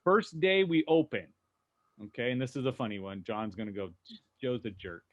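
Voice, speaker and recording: A man on a video call panel, telling lively stories about running a car dealership and acting out the voices he quotes. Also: mid-range voice, fairly quick, muffled recording. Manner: animated storyteller, acts out quoted voices. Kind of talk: casual panel discussion.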